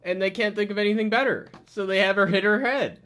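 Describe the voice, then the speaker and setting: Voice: medium pitch, brisk, fairly bright tone. This is a reviewer talking to camera in an indoor room, tearing into a show with crude, mocking jokes. The delivery keeps collapsing into hysterical laughter. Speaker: video reviewer. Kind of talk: excited reaction commentary.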